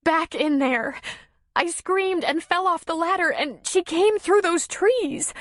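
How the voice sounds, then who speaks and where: Frightened young woman, trembling and tearful, high-pitched, as a woman reads her. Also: slow, fairly bright tone, no room sound, studio quality, full character voice. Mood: shaken.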